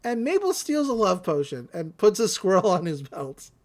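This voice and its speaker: A woman's voice: medium pitch, sing-song, moderate pace, a little mellow. A woman casually recapping a cartoon episode on a podcast, rambling and acting out the characters. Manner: rambling storytelling with fillers and laughs, acting out characters. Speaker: podcast co-host.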